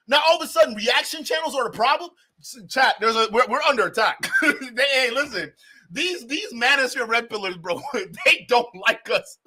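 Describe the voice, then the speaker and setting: Man, livestream reaction host, high voice, bright tone, mocking, laughs a lot. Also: moderate pace, husky. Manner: animated, laughing, mocking, talks to chat.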